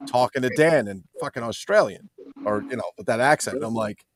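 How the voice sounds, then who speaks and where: A man's voice: mid-range voice, a little fast, background noise. A man hosting a casual live-stream chat, swearing freely and laughing a lot as he tells stories. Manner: laughs often, swears, animated storytelling.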